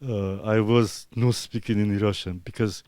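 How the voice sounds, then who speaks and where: Low, smooth-voiced man in halting English. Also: little pitch movement, a little mellow, no echo. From Azerbaijan. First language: Talysh. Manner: halting broken English with many pauses and fillers. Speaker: artist being interviewed. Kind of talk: casual interview answers.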